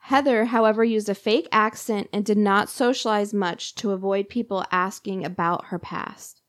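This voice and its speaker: A woman recounts a true crime case in a relaxed, conversational way, peppering her telling with "like" and small restarts. Her voice sits in a middle register. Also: medium pitch, moderate pace, no echo, studio quality. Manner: conversational, lots of "like" and fillers. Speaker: podcast host telling a true crime story. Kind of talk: casual storytelling chat.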